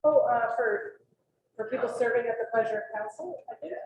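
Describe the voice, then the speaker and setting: A woman's voice: fairly high pitch, normal speed, a little mellow. A woman staff member chatting and joking casually during a break in a public meeting. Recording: echoey room with faint noise.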